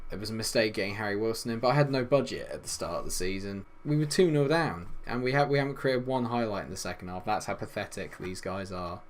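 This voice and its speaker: A young man commentating on his football management game, swinging between loud exasperation and low grumbling. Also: slight background noise. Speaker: gaming YouTuber.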